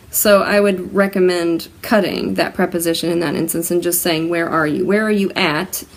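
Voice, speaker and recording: A woman hosting a writing-tips lesson, explaining grammar rules in a casual, conversational way with spoken examples. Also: lowish voice.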